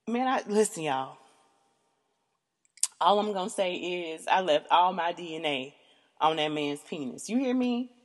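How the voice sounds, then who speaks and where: A woman hosting a podcast, telling a candid story in an animated, emphatic way, swearing freely and calling out to her listeners. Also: fairly low pitch, a little slow, long pauses, long reverb tail. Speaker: podcast host.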